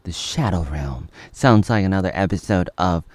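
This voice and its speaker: Low-voiced man rambling through a reaction. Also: expressive, moderate pace, dry recording, studio quality. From United States. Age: 30s. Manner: rambling, jokey, jumps into silly voices. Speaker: commentator. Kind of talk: casual reaction commentary.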